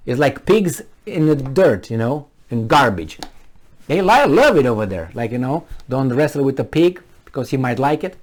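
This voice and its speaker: A man delivers biting commentary on the news, reading headlines and then jabbing at them with sarcastic asides. His voice rises and falls widely in pitch as he scoffs and emphasizes his points. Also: expressive, normal speed. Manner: talks back to the news, with scattered laughs and asides. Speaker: video commentator.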